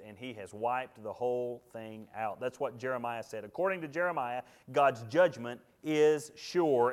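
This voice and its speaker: A male pastor, preaching a sermon emphatically, swinging between loud, high declarations and low, quiet asides. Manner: emphatic preaching with big swings in loudness and pitch.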